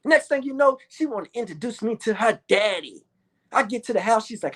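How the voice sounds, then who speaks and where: Man, Louisville Kentucky accent, animated storytelling monologue, profane, excitable, acts out voices. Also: very high-pitched, a little fast. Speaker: rapper telling his own story.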